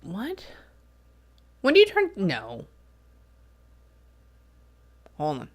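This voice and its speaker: A woman's voice: lowish voice, huge pitch swings, slow. Chatty woman medium rambling with fillers. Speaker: spiritual medium. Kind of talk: casual reading session.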